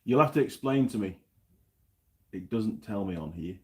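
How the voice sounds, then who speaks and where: A man's voice: on the low side, animated, moderate pace, darkish tone. A man hosting a casual livestream, rambling as he reads out viewer comments and tells a story. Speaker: livestream host. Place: New Zealand.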